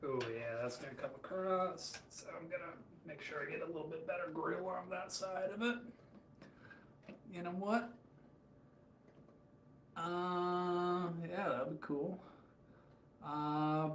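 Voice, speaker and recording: A man's voice: high-pitched, fairly even intonation, takes it slowly, pauses often, a bit bright, slight background noise. A man from Michigan cooking on a casual livestream, rambling and joking while answering chat. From Michigan, USA. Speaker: cooking streamer. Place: hotel room kitchen. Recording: roomy with faint ambience.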